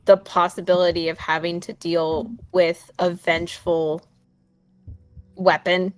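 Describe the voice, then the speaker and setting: A woman's voice: fairly low pitch, flat delivery, measured pace, no echo. A woman playing a tabletop game, chatting and helping with the rules. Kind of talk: casual tabletop game chat.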